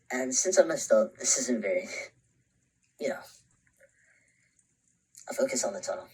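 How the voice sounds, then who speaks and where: A man's voice: mid-range voice, husky, low-quality recording. An actor playing an anxious, introspective young man who narrates a short film in a half-whispered voice. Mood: shaken. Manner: brooding, often half-whispered, breaks into panicked shouts.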